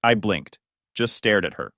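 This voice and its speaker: Calm man narrating a story. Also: fairly low pitch, unhurried, dry recording, studio quality. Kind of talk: scripted narration.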